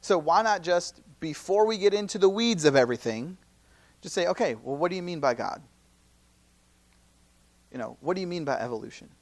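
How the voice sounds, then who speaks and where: A man in his late thirties, his voice sitting a little high, teaching a youth seminar in a loose, conversational way. He keeps asking rhetorical questions and checking in with "right?". Now and then he slips into quick acted-out quotes of other people. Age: 30s. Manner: acts out quoted speakers in lively asides. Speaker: campus minister.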